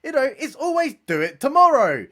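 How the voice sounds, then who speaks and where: A young man giving sarcastic, mocking commentary as he reviews a comedy special, with deadpan asides and casual swearing. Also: extremely high pitch, moderate pace.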